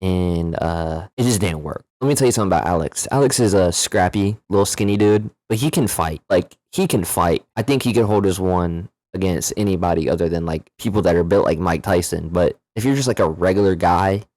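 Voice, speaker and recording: A man telling a story in a casual, animated, slangy way, swearing freely. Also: deep voice, fairly quick, hardly any pauses, dry recording. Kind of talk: casual story-time vlog.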